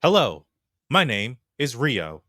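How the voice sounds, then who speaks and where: A man voicing a clipped, emotionless robotic construct in a tabletop game, speaking in flat, machine-like reports. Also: mid-range voice, slow, no echo, studio quality, heavily acted. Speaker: player. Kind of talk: tabletop role-play.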